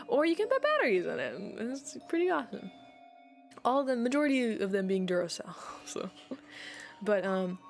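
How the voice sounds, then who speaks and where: A woman streamer chatting casually, rambling and giggling with plenty of fillers. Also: medium pitch.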